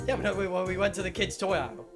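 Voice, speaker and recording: A man streaming, telling a comic story to his chat, swearing and exaggerating. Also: high-pitched. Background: music.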